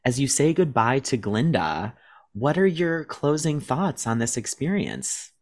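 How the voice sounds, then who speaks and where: A man co-hosts a casual interview. His voice sits at an ordinary male pitch. He is effusive and gushing toward his guest while asking questions. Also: sing-song, measured pace, darkish tone, no room sound, clean studio sound. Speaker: podcast co-host.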